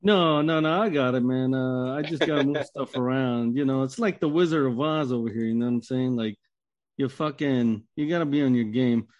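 A man co-hosts a casual podcast, laid-back and liberal with slang and swearing. His voice is mid-pitched and sounds dry, with no room around it. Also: moderate pace, darkish tone, dry recording, highs cut off. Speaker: podcast co-host.

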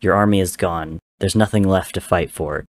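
A worn-out blood god speaks with grave exhaustion, as a man narrating voices him. The voice is deep and dry. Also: fairly even intonation, normal speed, dry recording, natural voice. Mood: weary. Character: weary male blood god with a trident.

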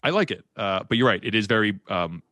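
A man's voice: on the low side, lively intonation, fairly quick, sharp tone, no room sound. A young man in casual chat, talking animatedly with restarts and acted-out quotes.

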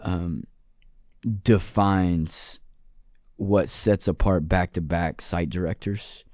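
A man hosting a podcast interview, speaking in a measured way. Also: low-pitched, fairly even intonation, a little mellow, no room sound, studio quality. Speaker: podcast host.

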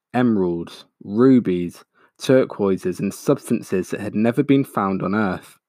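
A man reading a children's storybook aloud, slow, expressive and dramatic. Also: fairly low pitch, no room sound, clean studio sound. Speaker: audiobook narrator.

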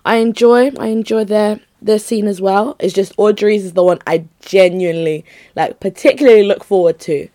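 A woman's voice: medium pitch, steady tone, moderate pace, mellow. A young woman, chatting casually and rambling to her viewers, often breaking off mid-sentence. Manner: chatty, rambling, self-interrupting. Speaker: vlogger.

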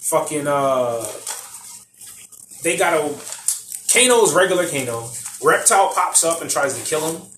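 A young man chats casually, rambling and swearing as he retells scenes. His voice sits a bit high for a man. He sounds distant in an echoey room, with faint noise in the background. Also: animated, unhurried, long pauses, a bit bright. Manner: rambling, profane, laughs while retelling. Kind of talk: casual chat.

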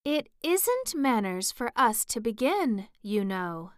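A woman reads out a severe, prim rose in a storybook who lectures in a smooth, unhurried voice. Her remarks carry a stern, superior edge. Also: on the high side, sing-song, dry recording, studio quality, voice pushed up. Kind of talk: storybook character reading.

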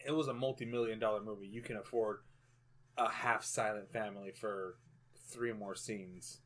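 A man's voice: fairly low pitch, steady tone, normal speed, fairly bright tone. A man co-hosting a casual podcast chat, rambling and restarting his sentences, swearing freely. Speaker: podcast co-host. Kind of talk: casual chat about a movie.

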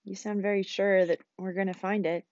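Woman narrator voicing a gruff, growly, skeptical woman in a storybook read-aloud. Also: mid-range voice, level tone, fairly quick, a little mellow, no room sound, lo-fi sound, natural voice.

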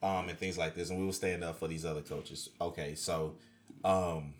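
Deep-voiced man, halting chat. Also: steady tone. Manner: halting, many fillers and repeats. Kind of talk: casual chat.

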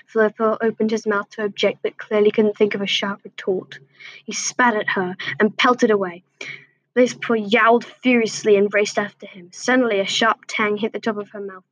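Breathy woman reading a story aloud. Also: medium pitch, level tone, normal speed, low-quality recording. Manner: plain reading with slips and restarts. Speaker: story reader.

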